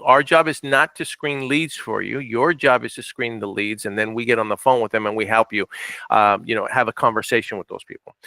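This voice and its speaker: A man's voice: mid-range voice, gravelly, sharp tone, dry recording. A man leading a real estate training session, speaking directly and repeating key points with frequent check-ins. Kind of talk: training presentation.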